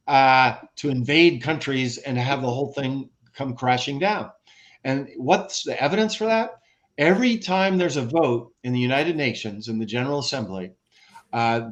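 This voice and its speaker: An American man, a former ambassador, giving an animated, conversational expert talk with rhetorical questions and frequent restarts, over a video call. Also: mid-range voice.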